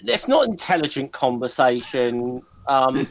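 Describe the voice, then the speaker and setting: A man's voice: medium pitch, big pitch swings, measured pace, poor audio. A man on a casual chat panel, teasing and joking, stopping and repeating words as he talks.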